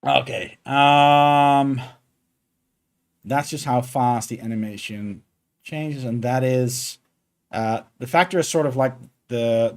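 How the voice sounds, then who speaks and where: A man streaming his game development work, chatting casually and thinking aloud with many fillers. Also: medium pitch. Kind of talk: casual live coding stream.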